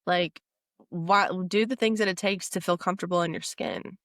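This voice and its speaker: A woman's voice: on the low side, steady tone, moderate pace, a bit bright, no room sound, studio quality. A woman co-hosting a podcast in casual, enthusiastic chat, with lots of filler words. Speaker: podcast co-host.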